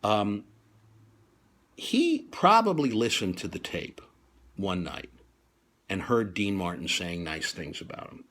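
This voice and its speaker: A man who hosts a comedy show tells a comic story in an animated way, acting out voices and restarting his sentences often. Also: lowish voice, takes it slowly, long pauses. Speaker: comedian host.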